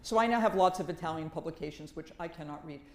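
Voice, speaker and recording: An animated woman from Massachusetts talks with wry humor, often repeating words for emphasis. She speaks as a professor on a panel, and her voice rings in an echoey room. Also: deep voice, fast. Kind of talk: conversational academic talk.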